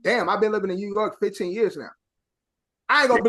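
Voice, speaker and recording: A man from Chicago co-hosting a podcast, talking in animated casual chat and jumping into loud mock voices. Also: sits high, fast, pauses often. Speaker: podcast co-host.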